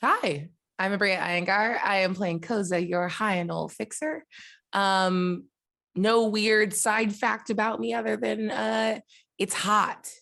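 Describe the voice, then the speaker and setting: Gravelly-voiced woman joking casually. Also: mid-range voice, fairly even intonation, slow, a bit bright. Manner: chatty, joking. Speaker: player. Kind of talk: livestream chat.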